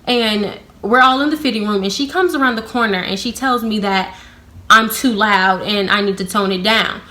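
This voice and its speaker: A young woman vlogs a storytime in a casual, unfiltered way, swearing freely and leaning on "like" between phrases. Her voice is bright and a little sharp. When she acts out her own comebacks, her sarcasm gets animated. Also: mid-range voice, normal speed. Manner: blunt, profane, heavy use of "like" fillers. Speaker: vlogger.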